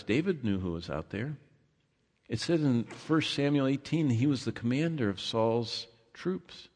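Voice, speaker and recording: A man preaching a sermon, rising loud when he reads scripture and dropping soft on his asides. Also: medium pitch. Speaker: pastor. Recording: long hall reverb.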